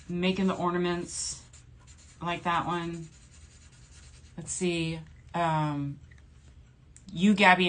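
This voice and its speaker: A woman in her forties, from New Orleans, USA, speaks in a lowish, slightly bright voice. As a shopping channel host on a livestream, she keeps things casual, reading viewer comments aloud and laughing often.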